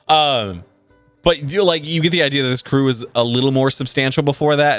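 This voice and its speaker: A man runs a tabletop game as game master, narrating in a loose, rambling way with many filler words. His pitch sits in the middle, and the sound is dry and close. Faint music plays underneath. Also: fairly bright tone, no echo. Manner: casual, rambling, heavy use of filler words.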